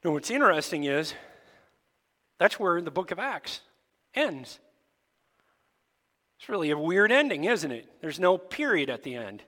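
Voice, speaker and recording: A male pastor giving a sermon to his church, asking the congregation lively rhetorical questions. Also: fairly high pitch, a little slow, pauses often, in a large hall. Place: church sanctuary.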